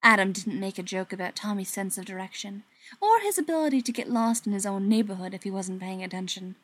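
A woman reading a story aloud in an even, soft narrating voice that sometimes drops to a whisper. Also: medium pitch, fast, no room sound.

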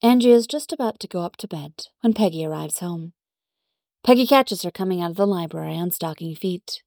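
A woman reading a story aloud in measured, even narration. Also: lowish voice, no echo, studio quality. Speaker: story reader. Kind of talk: scripted narration.

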